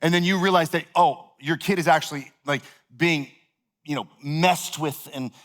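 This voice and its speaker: Male pastor with a somewhat high voice, loose and chatty, storytelling sermon. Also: normal speed. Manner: animated, conversational, heavy use of "like".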